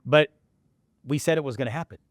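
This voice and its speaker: A man co-hosting a podcast in casual chat, hyped and emphatic, sometimes bursting into shouting. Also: medium pitch, a little fast, dry recording. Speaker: podcast co-host.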